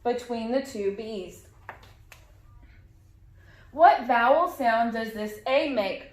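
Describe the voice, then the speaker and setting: A woman's voice: fairly high pitch, lively intonation, slow pace, reverberant. A woman teaching a phonics lesson to young children, patiently modeling sounds and words.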